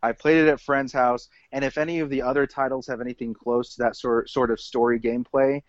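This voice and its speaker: A man's voice: mid-range voice, flat delivery, fairly quick, no room sound, lo-fi sound. Rambling, enthusiastic man on podcast. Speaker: podcast co-host. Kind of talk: casual chat.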